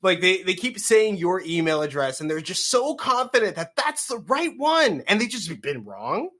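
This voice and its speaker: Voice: mid-range voice, sing-song, normal speed, fairly bright tone. A podcast co-host in casual chat, talking loosely and leaning on "like" as a filler.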